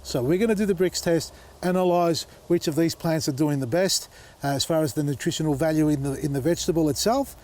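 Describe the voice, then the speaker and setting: A man's voice: a little high, fairly quick, darkish tone. A man hosting a casual vlog outdoors in his vegetable garden, chatty and exasperated, talking to viewers as folks. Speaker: gardening channel host.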